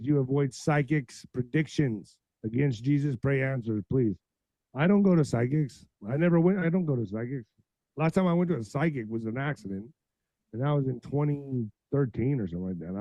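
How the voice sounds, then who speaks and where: A man hosting a political podcast livestream, blunt and profane, reading news aloud and ranting, his voice going hoarse. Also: mid-range voice, a little mellow, dry recording, rough recording. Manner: blunt, heated, reads news aloud then rants. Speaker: podcast host.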